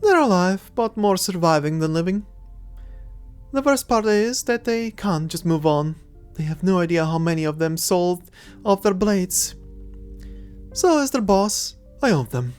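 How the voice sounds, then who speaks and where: A woman's voice: lowish voice, lively intonation, a little slow, darkish tone, smooth, soft background music. A woman voicing a cocky young adventurer-thief who talks in a playful, mocking way, in a fan audio drama. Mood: teasing. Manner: playful, mocking, laughs often.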